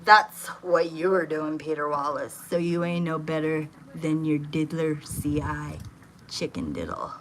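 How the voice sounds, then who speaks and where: A woman's voice: deep voice, animated, a little slow, a bit bright, slight background noise. A woman talking on a phone livestream from her home kitchen, swearing often and ranting in a heated, agitated way. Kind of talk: casual livestream chat.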